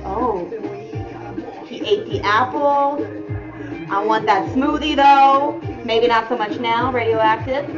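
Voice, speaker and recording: Young woman, high voice, excitable and foul-mouthed reactor; muffled audio, loud music underneath. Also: slow. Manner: excitable, profane, gasping and exclaiming. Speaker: video reactor. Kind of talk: reaction commentary. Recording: slightly muffled audio with music playing behind. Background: music video playing.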